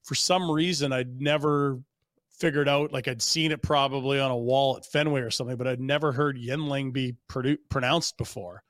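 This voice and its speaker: A Canadian man co-hosting a sports podcast, an animated storyteller who mimics other people with big jumps in pitch. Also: moderate pace, no room sound, studio quality. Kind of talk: casual chat. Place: small podcast studio. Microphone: studio mic.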